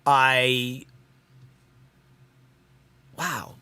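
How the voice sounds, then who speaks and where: A man's voice: medium pitch, fairly even intonation, extremely slow, sharp tone, clean tone, no echo. A man hosting a casual live stream from his home mixing studio, thinking aloud and rambling in a self-deprecating way, with lots of ums.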